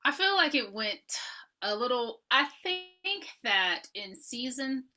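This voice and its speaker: A woman co-hosting a podcast, relaxed as she recaps and rates a horror movie in casual talk. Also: fairly high pitch, slow. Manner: relaxed, gives ratings and recommendations. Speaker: podcast co-host.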